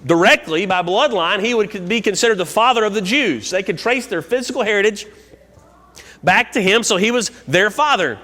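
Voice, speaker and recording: A man's voice: high voice, animated, normal speed, bright, forceful tone. A man preaching a sermon, reading scripture verses aloud and explaining them phrase by phrase. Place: church sanctuary. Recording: long church hall reverb.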